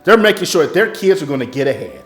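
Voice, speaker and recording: A man's voice: on the high side, expressive, fast, fairly bright tone. A man delivering an impassioned, blunt, profane monologue as a music business coach. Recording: echoey room, faint music.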